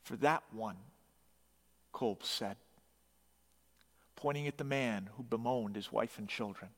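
Slow, dramatic male storyteller in a reverberant hall. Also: medium pitch. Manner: dramatic, emphatic, with rising bursts of emphasis.

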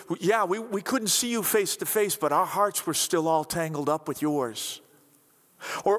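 Male pastor, chatty and animated, pitch swinging all over, preaching to a congregation. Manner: animated, conversational, acts out quotes. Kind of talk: sermon. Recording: reverberant hall.

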